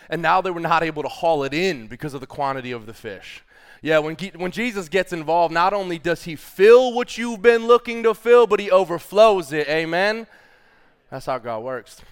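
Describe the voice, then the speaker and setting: A man's voice: on the high side, expressive, normal speed, smooth. A man preaching a sermon, casual and playful, calling the congregation y'all and reading scripture aloud. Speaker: pastor.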